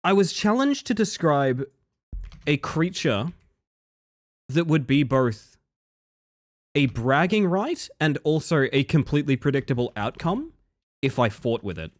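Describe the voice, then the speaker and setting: A young man with an Australian accent chats casually with his live audience, his voice bouncing through a lively pitch range. He rambles from joke to joke and swears freely. The sound is close and dry, with no room around it. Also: unhurried, long pauses, no echo. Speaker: streamer.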